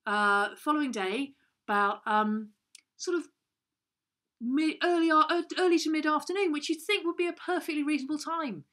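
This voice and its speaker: A woman's voice: high-pitched, moderate pace, fairly bright tone. A woman telling a silly, rambling story for children, with playful voices and lots of restarts. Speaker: children's show co-host. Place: home.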